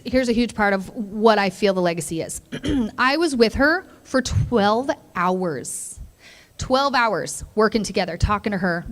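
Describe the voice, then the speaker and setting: A young woman, a therapist, giving an earnest and emotional motivational speech to students. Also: on the high side. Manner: earnest, emotional, addresses listeners as "you guys". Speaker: keynote speaker, therapist.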